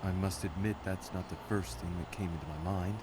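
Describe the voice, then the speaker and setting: An actor playing an earnest young male nobleman in a video game, speaking politely and earnestly, with loud noise over the game audio. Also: low-pitched, fairly even intonation, a little fast, natural voice.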